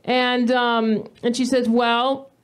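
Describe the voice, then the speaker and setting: Woman comic in her thirties, stand-up set, higher voice, animated storyteller who flares into mock rants. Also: slow pace, smooth. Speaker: stand-up comedian. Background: audience laughter.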